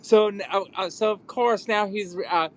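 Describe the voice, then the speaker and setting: A man's voice: high-pitched, fairly even intonation, normal speed, a bit bright, poor audio. A man speaking as a guest in a live audio chat, amused as he reads posts aloud. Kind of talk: casual chat.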